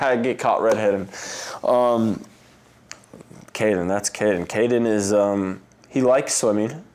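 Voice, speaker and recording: A man's voice: mid-range voice, normal speed, darkish tone. A man in his thirties telling personal stories in a casual interview, full of "like" and "um" fillers.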